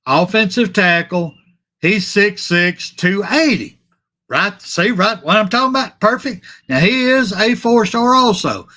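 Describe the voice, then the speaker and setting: A man's voice: sits high, measured pace. A man hosting a casual sports talk stream, reading viewer comments aloud, repeating himself and apologizing as he goes. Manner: animated and repetitive, trailing off and apologizing. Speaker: sports talk show host.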